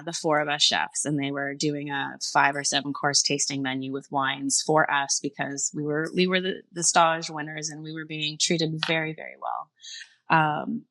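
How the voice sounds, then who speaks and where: A middle-aged woman from Canada, a chef guest on a podcast, telling her story in a lively conversational way. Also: no echo. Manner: animated, acts out dialogue in a higher voice, laughs often.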